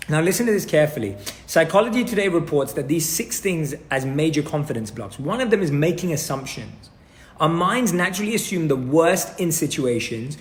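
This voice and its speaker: Brief: male motivational speaker, somewhat high-pitched voice, earnest, coaching tone, acts out the phrases he quotes. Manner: earnest, repeats "right?" to check in with listeners. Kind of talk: motivational talk to an audience.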